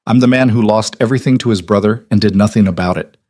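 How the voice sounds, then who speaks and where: A man's voice: fairly low pitch, quick pace, darkish tone, dry recording, clean studio sound, lightly acted. A man voicing a bitter, desperate young nobleman in an audiobook romance, hollow and proud.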